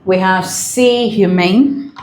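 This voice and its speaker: A woman's voice: medium pitch, slow pace, darkish tone, echoey room, a little hiss or hum. A woman teaching an exam-prep English lesson, repeating key points and checking in with "okay?".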